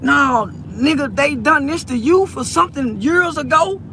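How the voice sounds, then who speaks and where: A man's voice: very high-pitched, lively intonation, measured pace, sharp tone. A man in a car speaking through tears, repeating himself in a preachy, emotional plea to someone he saw in a video. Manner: tearful, repetitive, preachy. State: teary, choked up. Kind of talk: emotional address to a viral video subject. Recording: car and street noise behind. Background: traffic and outdoor ambience.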